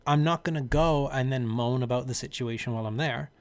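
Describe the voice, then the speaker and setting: A man's voice: medium pitch, brisk, clean tone. A man co-hosting a podcast with his partner, talking in an easygoing, rambling way. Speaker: podcast co-host. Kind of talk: casual chat.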